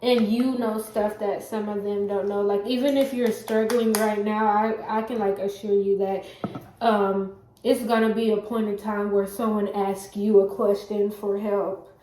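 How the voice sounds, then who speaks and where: A woman's voice: mid-range voice, little pitch movement, unhurried, mellow. Stuffy-sounding woman in an echoey room. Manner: rambling, many fillers and self-corrections; does her hair while talking. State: stuffy, congested. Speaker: vlogger giving work-from-home job advice. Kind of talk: casual chat to camera.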